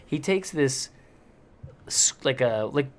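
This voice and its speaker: A man co-hosting a podcast in casual chat, an animated storyteller who acts out quotes. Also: medium pitch, takes it slowly. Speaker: podcast co-host.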